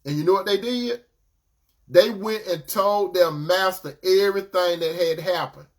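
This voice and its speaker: High-voiced man preaching a sermon. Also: unhurried. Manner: conversational preaching, addresses listeners as brother and sister.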